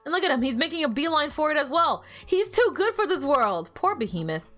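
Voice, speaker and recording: Young female streamer, higher pitch, very lively intonation, teasing and giggly. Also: fairly quick, soft background music. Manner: animated, teasing, laughs often. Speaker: gaming streamer. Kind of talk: casual gameplay livestream chat.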